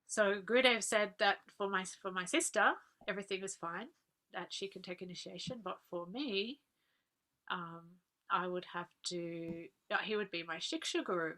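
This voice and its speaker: A woman, earnestly recalling personal memories as a guest speaker, laughing softly now and then. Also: mid-range voice, moderate pace. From Australia. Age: 40s. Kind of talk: personal reminiscence talk.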